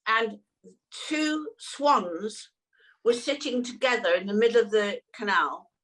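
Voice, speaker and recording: A woman's voice: on the high side, takes it slowly, fairly bright tone. A woman co-host telling a story in a gushing, breathless way. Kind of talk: casual chat.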